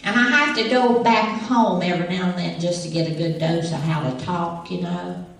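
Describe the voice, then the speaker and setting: A woman's voice: lowish voice, steady tone, moderate pace, vocal fry, a little hiss or hum. A middle-aged woman with an East Tennessee country accent, telling folksy comic stories to a live crowd and laughing at her own jokes. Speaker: comic impersonator. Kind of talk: live stand-up storytelling to a crowd. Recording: echoey room recording from far off.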